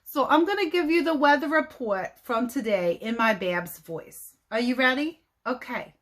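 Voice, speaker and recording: A woman's voice: high voice, normal speed, few pauses. A woman teacher reading a nonfiction picture book aloud to children in a friendly manner, explaining words and adding asides.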